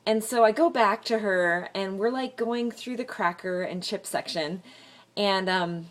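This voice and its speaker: A woman's voice: medium pitch, unhurried. A woman telling a funny story to camera in a casual vlog, rambling with frequent fillers and laughs. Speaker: vlogger. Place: room indoors with a fan running.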